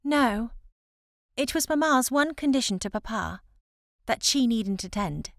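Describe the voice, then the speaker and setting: A woman's voice: a little high, animated, unhurried, vocal fry, a bit bright, dry recording, clean studio sound, exaggerated voice. Selina, a chatty cheerful young lady, read by a woman.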